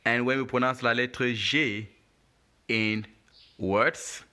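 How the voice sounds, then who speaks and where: A man teaching French pronunciation letter by letter, patient and deliberate. He says each word, asks the listener to repeat it, and praises them. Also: fairly low pitch, steady tone, sharp tone. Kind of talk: slow, deliberate language lesson.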